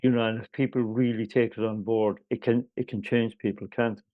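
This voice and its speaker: A man's voice: lowish voice, flat delivery, brisk, no room sound. Stammering man on a tinny line. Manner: stammering, repeats words while framing questions. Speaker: podcast host. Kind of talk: interview conversation. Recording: dry, phone-like line.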